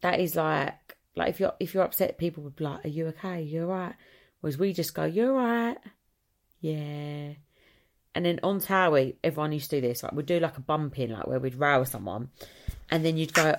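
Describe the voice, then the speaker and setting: Gravelly-voiced Essex woman chatting. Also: low-pitched. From Essex, England. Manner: chatty, rambling, quick to quote others. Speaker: podcast host. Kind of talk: casual solo chat.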